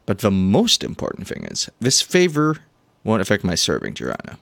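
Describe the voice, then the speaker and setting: A man's voice: fairly low pitch, wildly swooping pitch, moderate pace, gravelly, a bit bright, no echo, exaggerated voice. A man reading out the lines of a guarded warrior from a video game. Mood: defensive. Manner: reading game dialogue aloud.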